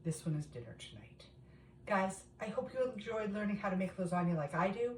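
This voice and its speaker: A woman's voice: medium pitch, lively intonation, fairly quick, reverberant, slight background noise, rough recording. A middle-aged woman, chatting casually to viewers while showing a recipe in her home kitchen. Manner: chatty, talks straight to viewers. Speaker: home cooking vlogger. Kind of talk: casual cooking demonstration.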